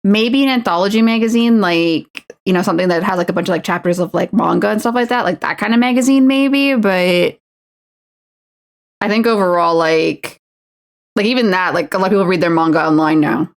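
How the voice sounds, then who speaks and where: A woman's voice: fairly low pitch, fairly quick. A woman streamer chatting casually with her viewers while she paints a miniature. She rambles and fills her talk with "like" as she answers chat messages. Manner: rambling, filler-heavy "like" speech.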